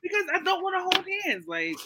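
A woman's voice: very high voice, very animated, fast talker, a loud crowd. A woman in her thirties chatting casually as a podcast co-host, blunt and teasing, often laughing. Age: 30s. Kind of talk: casual chat.

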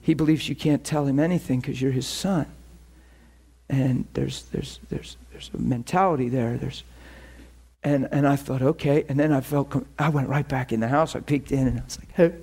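This male pastor has a medium-pitched voice with vocal fry and a breathy edge, speaking at normal speed. Animated throughout his sermon, he tells a personal story, often laughing and giving voices to the people he quotes.

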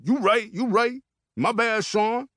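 A man reading an audiobook, voicing a short, bearded, loud-mouthed young man who mocks his friends. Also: sits high, slow pace, no echo, clean studio sound, voice pushed up. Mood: backing down.

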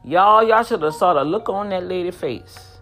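A woman's voice: on the low side, moderate pace, a bit bright, soft background music. A woman telling a story casually. She is chatty, talks straight to her listeners and acts out what other people said. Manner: chatty, addresses listeners as "y'all".

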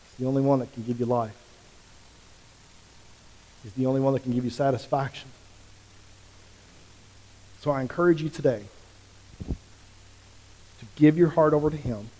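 A man preaching a sermon as pastor, with passionate emphasis that swings from quiet to loud. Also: medium pitch, slightly rough. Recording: long reverb of a large hall.

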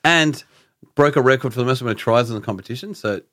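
A man's voice: mid-range voice, fast talker, fairly bright tone, dry recording, studio quality. A man co-hosting a casual sports chat, enthusiastic and rambling. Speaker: podcast co-host.

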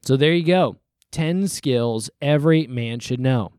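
Man, pastor, folksy sermon-style talk, acts out quotes, middle pitch, dry studio sound. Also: unhurried, darkish tone, clean tone, no room sound.

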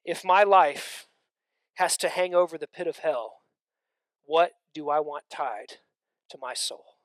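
A man preaching a sermon, swinging between loud emphatic stretches and hushed near-whispers, with conversational asides to the congregation. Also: fairly high pitch, takes it slowly, no echo.

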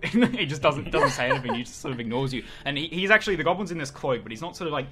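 Bright-voiced man narrating as game master. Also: a little high, expressive, rapid-fire. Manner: loose, chatty narration with fillers.

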